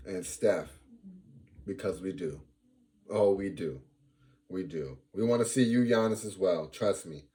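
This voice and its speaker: A young man hosting a casual sports fan vlog, talking playfully and repeating lines for emphasis. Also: lowish voice. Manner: animated, playful trash talk.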